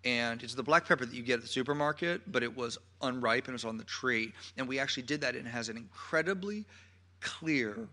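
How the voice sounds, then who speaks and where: A man's voice: mid-range voice, a little fast, pushed and bright. A man giving a public talk as a perfume critic, an effusive storyteller who piles on gushing adjectives.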